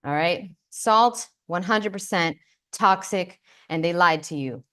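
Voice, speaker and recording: A woman's voice: on the low side, slow pace, sharp tone, clear, resonant tone. A woman hosting a casual livestream, talking brashly and playfully with plenty of swearing and chatting directly with her viewers on a close microphone. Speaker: livestream host.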